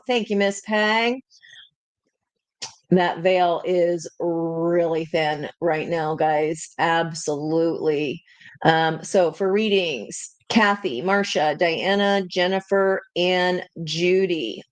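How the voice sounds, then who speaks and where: A woman's voice: on the low side, no room sound. A woman hosting a live tarot reading, chatting directly with her viewers. She often breaks off mid-thought and restarts with fillers. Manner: chatty, talks straight to viewers; self-interrupting, many fillers and restarts. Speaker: tarot reader.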